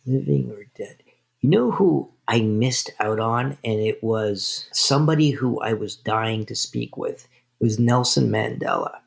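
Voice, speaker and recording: A man from Canada, a podcast guest, telling stories in a casual, animated interview. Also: medium pitch, unhurried, vocal fry.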